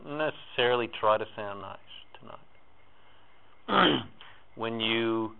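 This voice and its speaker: Guy leading a spiritual gathering, chanty repeated lines that swell up, mid-pitched voice, tinny phone-like audio. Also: slow, vocal fry, clear, resonant tone. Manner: repetitive, incantatory phrasing with emphatic swells. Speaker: spiritual workshop leader. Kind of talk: guided spiritual talk to a live group.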